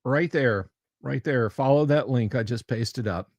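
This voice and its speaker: Slow, halting man hosting a livestream. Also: medium pitch, a little mellow, no echo. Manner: halting, full of pauses and restarts; emphatic, repeats himself. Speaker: livestream host. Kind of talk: casual chat.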